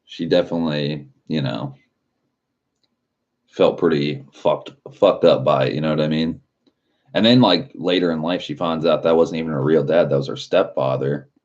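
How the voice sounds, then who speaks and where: A man's voice: very deep voice, normal speed, a little mellow, lo-fi sound. A man live streaming in a casual chat, rambling loosely with lots of filler words and swearing.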